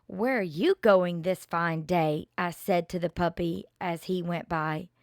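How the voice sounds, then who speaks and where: An older woman reading children's poems aloud in a slow, expressive way, with playful asides. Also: on the low side, no room sound, studio quality.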